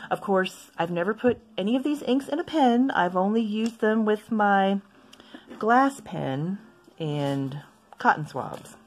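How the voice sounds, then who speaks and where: A woman chatting casually as she swatches inks for her video, rambling into asides and gently poking fun at herself. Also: mid-range voice. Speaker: stationery vlogger.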